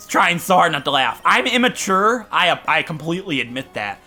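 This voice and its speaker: A man's voice: on the high side, very animated, moderate pace, bright, forceful tone, faint music behind. A man commentating a game playthrough while telling rambling, self-mocking stories. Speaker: gaming channel host. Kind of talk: let's play commentary with storytelling.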